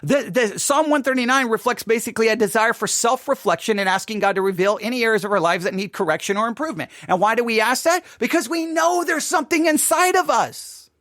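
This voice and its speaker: A man's voice: very high-pitched, quick pace, few pauses, a bit bright, no echo, studio quality. A man giving informal Bible teaching in an earnest, emphatic way, often repeating and restarting phrases.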